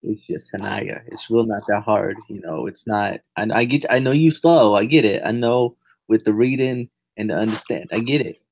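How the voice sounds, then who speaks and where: Teasing, steady-talking male podcast co-host. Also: on the low side, normal speed, creaky. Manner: teasing, lecturing, then steady analysis. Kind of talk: casual wrestling review chat.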